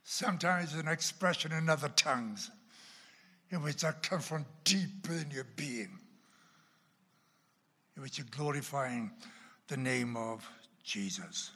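A man, a pastor, telling a story in an animated sermon and breaking into loud bursts now and then. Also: mid-range voice, unhurried, long pauses, slightly rough, big-room sound. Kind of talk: storytelling sermon at a church class.

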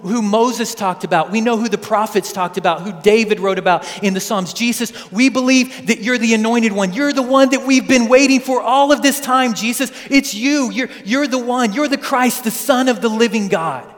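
Boastful fame-hungry disciple guy, pitched way up, big hall echo, as a preacher puts him on. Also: moderate pace, hardly any pauses. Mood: earnest. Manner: high, breathless bragging and pleading. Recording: long hall reverb.

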